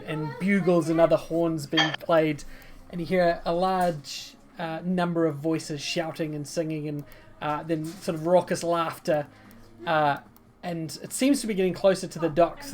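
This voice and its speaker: A woman narrating a tabletop game as game master in a casual, lively way. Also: low voice. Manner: lively, casual, laughs often.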